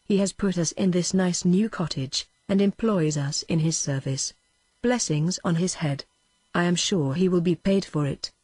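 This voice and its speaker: A text-to-speech British woman's voice reading the lines of a humble, grateful poor cottage wife, effusive in words but flat in delivery. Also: lowish voice, normal speed, no echo, lightly acted. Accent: British English.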